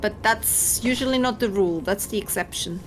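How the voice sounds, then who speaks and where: A woman's voice: medium pitch, normal speed, slight background noise. Austrian-accented woman teasing on a game stream. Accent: Austrian German. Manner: blunt, teasing, laughs easily. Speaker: guest streamer. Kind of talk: casual chat while gaming.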